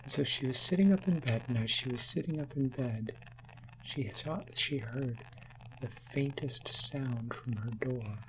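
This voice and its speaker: A woman telling a spooky Halloween story to children, slow and hushed, sometimes dropping into whispers. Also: rumbling low, slight background noise.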